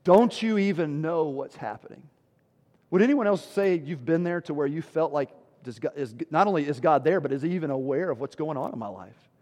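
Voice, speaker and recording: Male pastor, high voice, emphatic sermon delivery in a church with long reverb. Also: expressive, quick pace, darkish tone. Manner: emphatic, with rhetorical questions and sudden drops in volume.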